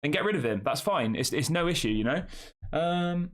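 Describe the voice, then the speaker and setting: A man's voice: on the high side, lively intonation, moderate pace. A young man hosting a casual live stream, chatting and reading out viewer comments before answering them. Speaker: fan channel host.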